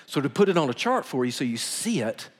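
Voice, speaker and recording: Animated preacher, emphatic storytelling. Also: male voice, medium pitch, brisk. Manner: animated, emphatic, acts out quotes in a whisper or shout. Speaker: pastor. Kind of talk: storytelling sermon.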